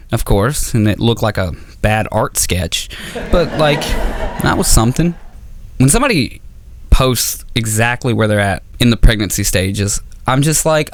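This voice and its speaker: A male stand-up comedian with a lively voice that swings high and low as he acts out both sides of his stories. He talks in a profane, animated way, and his voice sounds dry and close to the mic. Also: no echo. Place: comedy auditorium stage.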